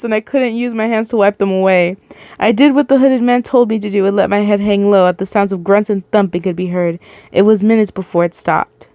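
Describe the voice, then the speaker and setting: A woman's voice: mid-range voice, fairly even intonation, a little fast, warm tone, dry recording. A woman reads a first-person fan story aloud in a casual, emotional way and often laughs at herself. The voice is recorded close and dry, with no room sound. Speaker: reader of fan fiction. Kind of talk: reading a story aloud with reactions.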